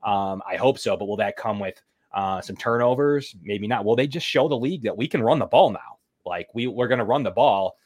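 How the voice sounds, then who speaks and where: Low-voiced man talking football casually. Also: fairly quick, darkish tone. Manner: loose, filler-heavy game prediction. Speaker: podcast co-host. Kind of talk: casual sports podcast chat.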